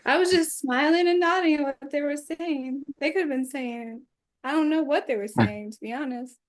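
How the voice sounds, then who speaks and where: A woman's voice: sits high, moderate pace, dry recording, studio quality. A woman chatting casually on a live stream while painting, easygoing and using lots of "like". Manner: easygoing, frequent "like" fillers.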